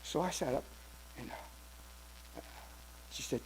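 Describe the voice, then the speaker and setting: Older man, gravelly voice, church testimony, storytelling with restarts. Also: medium pitch, animated, a little slow, long pauses, slight background noise, low-quality recording. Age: 70s. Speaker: church member giving testimony.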